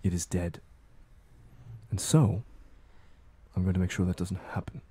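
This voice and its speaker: Male GM playing an icy, certain armored sorceress, low and level. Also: steady tone, measured pace, mellow, slightly rough. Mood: cold. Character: cold, armored woman mind mage, calm and certain.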